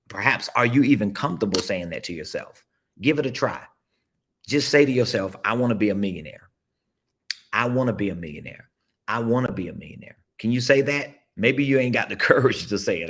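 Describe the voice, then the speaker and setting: A man with a slightly low voice talks to his audience on a casual live stream. He coaches emphatically, repeating himself and coaxing listeners to say phrases back. He speaks from a seat at an indoor table. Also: breathy edge. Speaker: business coach. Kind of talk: casual livestream motivational talk.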